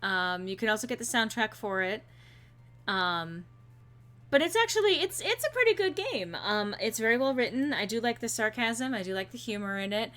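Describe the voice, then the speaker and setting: Woman streamer, casual and playful, bright slightly high voice. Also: animated, moderate pace. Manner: chatty, playful, with frequent fillers.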